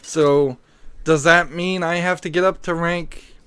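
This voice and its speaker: A man's voice: fairly high pitch, fairly even intonation, unhurried, a bit bright, smooth. A man streaming a card game who has just woken up and still has his morning voice, rambling hesitantly as he thinks aloud in casual commentary. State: groggy morning voice, just woke up.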